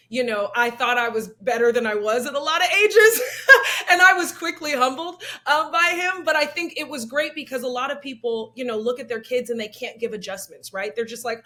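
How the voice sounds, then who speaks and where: A young woman guest telling stories in an interview, animated, laughing often and acting out the voices of people she quotes. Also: sits high. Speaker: actress and comedian guest. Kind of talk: candid interview talk.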